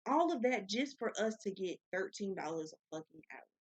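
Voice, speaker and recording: A young woman talking straight to her audience in a blunt, profane, animated way. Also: medium pitch, moderate pace. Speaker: vlogger. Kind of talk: casual rambling monologue. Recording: dull lo-fi sound.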